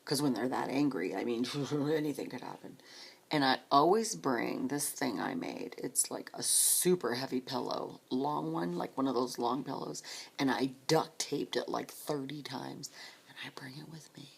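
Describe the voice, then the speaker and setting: A woman telling her own story of supporting grieving people, speaking softly and often dropping to a whisper, tearful at times. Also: rumbling low, normal speed, creaky, husky. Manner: soft, hushed, often breaking into a whisper. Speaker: grief support volunteer. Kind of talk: personal storytelling.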